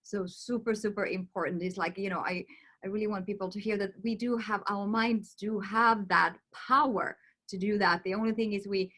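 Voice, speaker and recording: Woman host, affirming and encouraging, everyday mid-pitched voice. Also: fairly even intonation, moderate pace, a bit bright. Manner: affirming, thanks the speakers. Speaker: panel host. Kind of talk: online panel moderation.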